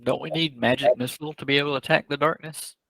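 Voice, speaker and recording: A man's voice: fairly high pitch, fairly even intonation, fast talker, creaky, bright, forceful tone, dry recording, poor audio. A man playing a tabletop game, describing his character's actions and cracking jokes. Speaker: player.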